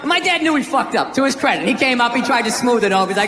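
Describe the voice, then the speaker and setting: A man's voice: extremely high pitch, expressive, fast talker. Ranting man in an echoey hall. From United States. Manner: sarcastic, profane, ranting. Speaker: stand-up comedian. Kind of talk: stand-up set. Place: stage in a large venue. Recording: live show in echoey hall, loud crowd laughter.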